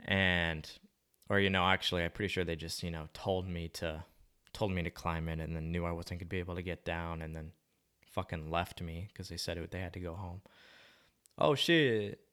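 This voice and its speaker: A man's voice: sits low, normal speed, fairly bright tone, clear, resonant tone. A young man rambling casually to the camera, musing in a slangy, laid-back way with plenty of swearing.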